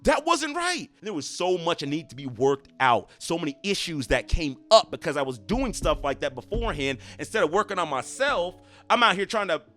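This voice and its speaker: A man's voice: fairly high pitch, lively intonation, brisk, fairly bright tone, soft background music. A man giving earnest, emphatic relationship advice straight to camera, repeating himself for stress. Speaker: relationship coach. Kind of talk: motivational talk to camera.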